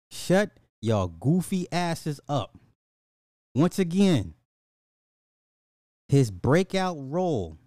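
American man, mocking incredulous commentator, mellow low tone, dry close mic. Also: no room sound. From United States. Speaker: commentary host. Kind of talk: ranting reaction commentary.

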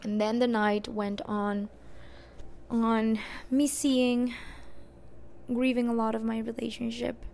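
A young adult woman hosting a podcast, candidly telling a personal story in a casual, expressive way and cursing now and then. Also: fairly high pitch, takes it slowly, creaky, long pauses, slight background noise. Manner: candid and expressive, swears and laughs at herself. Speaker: podcast host.

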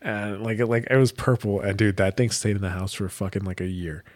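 A man's voice: lowish voice, a little fast, no room sound, clean studio sound. A young American man co-hosting a podcast, reading from a wiki with profane, sarcastic asides. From United States. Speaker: podcast co-host. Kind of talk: casual chat, reading from a wiki.

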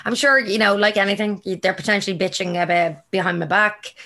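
Chatty, slightly raspy Irish woman. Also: medium pitch, steady tone, brisk, pushed and bright. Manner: chatty, rambling, laughs often. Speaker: podcast co-host. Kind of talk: casual chat.

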